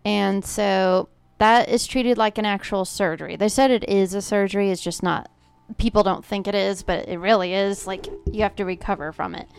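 A woman's voice: medium pitch, steady tone, normal speed, gravelly, clear, resonant tone. A woman co-hosting a podcast, telling a personal story in a chatty, casual way with lots of filler words. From Oklahoma. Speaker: podcast co-host. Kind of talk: casual chat.

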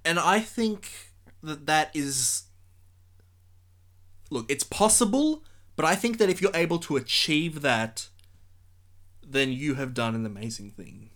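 A man's voice: on the high side, lively intonation, measured pace, pauses often, fairly bright tone. A man co-hosting a film review podcast, rambling animatedly through vivid hypotheticals with the odd swear word. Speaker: podcast co-host reviewing films. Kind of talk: casual film review chat.

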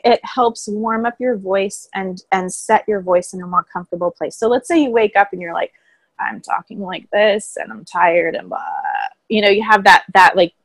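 Woman guest, calm explainer, middle pitch, dry close mic. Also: moderate pace, no room sound, poor audio. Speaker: voice coach guest. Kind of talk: casual interview chat. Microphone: own microphone, remote call.

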